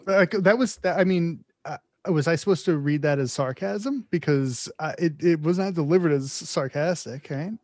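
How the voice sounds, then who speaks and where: Male podcaster, slightly high voice, dry mic, joking and incredulous. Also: normal speed, few pauses, no echo. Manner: incredulous, joking, quotes scenes. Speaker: podcast co-host. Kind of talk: casual movie discussion.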